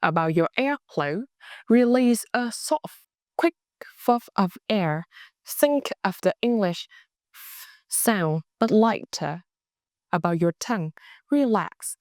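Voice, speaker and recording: A woman with a Northern Vietnamese accent, a native Vietnamese speaker, teaching pronunciation slowly and carefully and modeling sounds for learners to repeat. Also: medium pitch, lively intonation, darkish tone, no room sound, studio quality. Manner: slow and deliberate, models sounds for repetition. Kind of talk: slow, careful pronunciation lesson.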